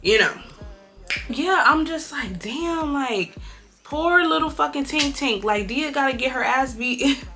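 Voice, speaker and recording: A woman's voice: high-pitched, unhurried, faint music behind. A young woman from California chatting bluntly and with plenty of swearing while doing a makeup tutorial. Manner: blunt, profane, animated gossip. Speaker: beauty vlogger.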